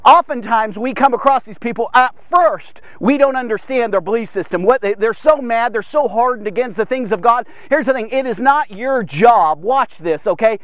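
A middle-aged man giving an informal devotional sermon, energetic and punctuating his points with "okay?", sometimes acting out speakers in a raised voice. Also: very high voice, normal speed, few pauses, no echo. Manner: acts out biblical speakers in a raised voice. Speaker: devotional podcast host.

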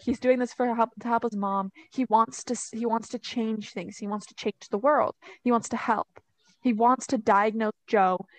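A woman's voice: on the high side, dry recording. A young woman casually retelling a story on a podcast, chatty and full of "like" and "you know.". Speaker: podcast co-host.

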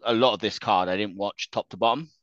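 A man's voice: lowish voice, fast talker, fairly bright tone, dry recording, dull audio. A man chatting casually about wrestling as a podcast co-host, laughing often and restarting his sentences.

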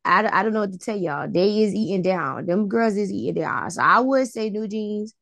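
A woman co-hosting a podcast in casual chat, blunt and expressive, with lots of slang. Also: medium pitch, normal speed, gravelly, no echo. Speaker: podcast co-host.

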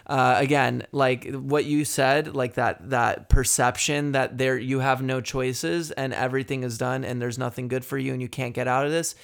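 A man's voice: mid-range voice, flat delivery, normal speed, vocal fry, hardly any pauses, clean tone. A man talking as a guest on a podcast, earnest and frank, thinking aloud with fillers and casual swearing.

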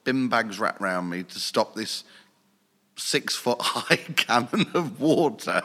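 A man's voice: mid-range voice, expressive, slow, bright, forceful tone, in a large hall. A man, a nightclub manager, chatting casually and telling anecdotes with frequent laughs. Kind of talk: casual podcast chat.

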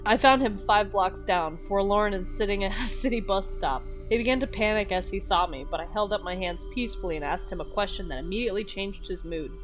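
A woman reads a horror story aloud for her podcast at a middle pitch. She acts out the characters' lines with loud, dramatic shouting. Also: a little fast, hardly any pauses, soft background music. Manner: breaks into laughter, loud dramatic shouting in dialogue. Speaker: podcast host reading stories. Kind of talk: reading horror stories aloud.

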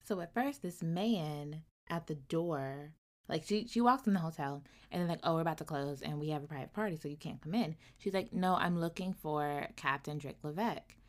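A woman retelling a novel's plot in a casual chat, acting out the characters' lines and breaking into loud, colloquial asides. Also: low voice, normal speed. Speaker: book reviewer. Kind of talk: casual book recap.

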